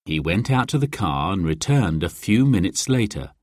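Man, children's story read-aloud, very lively pitch, slow, dry close sound. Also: dry recording. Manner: slow, expressive, storyteller's lilt. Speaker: narrator.

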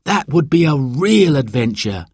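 A man voicing an excited young schoolboy in a storybook reading, in a high eager childlike voice. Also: measured pace, slightly rough, no echo, clean studio sound, heavily acted.

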